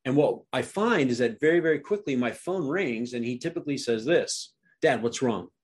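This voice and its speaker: A man's voice: medium pitch, expressive, a little fast, husky. A middle-aged man coaching real estate agents on a podcast, emphatic and asking his listeners questions.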